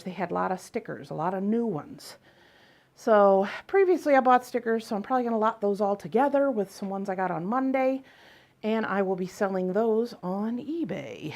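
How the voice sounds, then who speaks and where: Chatty woman showing off her finds. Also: mid-range voice. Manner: chatty, exasperated retelling with quoted exchanges. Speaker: reseller vlogger. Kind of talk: casual haul vlog storytelling.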